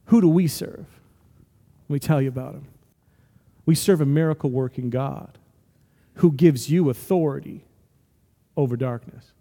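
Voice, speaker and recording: A man preaching a sermon with a fairly high voice, his words ringing out in a long hall reverb. He tells stories and climbs into emphatic, rising appeals. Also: dark tone. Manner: storytelling with emphatic, rising exhortations. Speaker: pastor.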